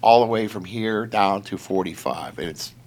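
A lowish-voiced man speaks at a moderate pace. In casual chat, he recounts his patrol work in a rambling way full of filler words, animated and laughing throughout.

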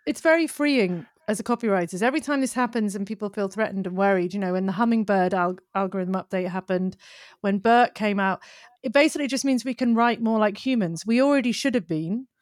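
A woman who works as a copywriter, talking as a podcast guest in a casual, animated and opinionated way. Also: mid-range voice, brisk, no echo, clean studio sound. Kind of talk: casual conversation.

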